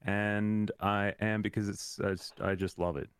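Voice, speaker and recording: A man's voice: fairly low pitch, level tone, a little slow, clean tone, no room sound. A man with a faded Australian accent, chatting casually on a live stream in a jokey, enthusiastic way.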